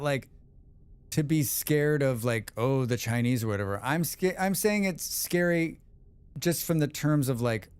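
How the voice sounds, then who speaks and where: Man, livestream gamer, casual rambling chat, opinionated, smooth clear voice, dry sound. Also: medium pitch, dry recording.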